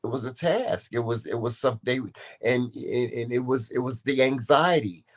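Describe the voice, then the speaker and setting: A man's voice: mid-range voice, moderate pace. A man co-hosting a casual podcast, talking earnestly and often restarting his sentences. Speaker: co-host.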